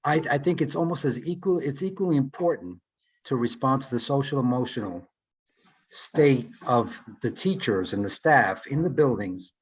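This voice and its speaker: A man's voice: mid-range voice, expressive, moderate pace, breathy edge, rough recording. Earnest man speaking on a call. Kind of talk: public meeting remarks. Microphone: video call.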